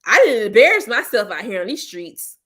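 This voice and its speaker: A woman hosting her own channel, chatting casually with viewers in a blunt, slangy, teasing way and breaking into loud playful laughter. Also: medium pitch, very animated, a little fast. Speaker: host of a commentary channel. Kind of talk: casual chat reacting to viewers.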